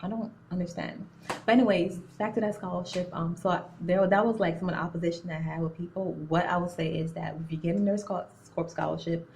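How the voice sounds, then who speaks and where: Chatty young woman, slangy and animated. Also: fairly low pitch, fast talker, creaky, a little hiss or hum, low-quality recording. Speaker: nursing student. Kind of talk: casual storytelling to camera. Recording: phone-recorded video.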